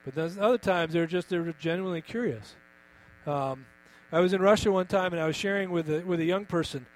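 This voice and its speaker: A man's voice: high voice, fairly quick, rough recording. A man preaching a sermon, emphatic and putting questions to his congregation. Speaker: pastor.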